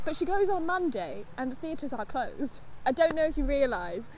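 Giggly high-voiced woman. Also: big pitch swings, normal speed, darkish tone, slight background noise, poor audio. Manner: giggly, talks over her co-host. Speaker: podcast co-host. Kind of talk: casual chat.

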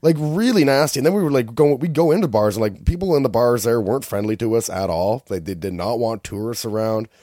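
A man's voice: medium pitch, fast, few pauses, no echo, studio quality. A man from Canada telling travel stories in casual chat, acting out the people he met. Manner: animated storytelling, acts out quoted people loudly. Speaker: storyteller in a casual conversation.

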